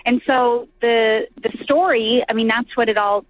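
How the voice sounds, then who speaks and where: A woman's voice: a little high, a little slow, a little hiss or hum. A woman guest actress chatting casually in an interview, giggly and talkative. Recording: tinny phone line.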